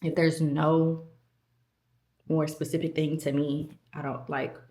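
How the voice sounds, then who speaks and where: Low-voiced, chatty woman vlogger. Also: little pitch movement, slow pace, warm tone, reverberant. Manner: chatty, self-deprecating, many fillers. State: out of breath. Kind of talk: casual talk to camera.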